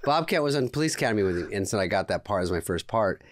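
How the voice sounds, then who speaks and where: A man's voice: lowish voice, expressive, racing, crowd noise. A man guesting on a podcast, talking in casual banter in a dry, sarcastic way.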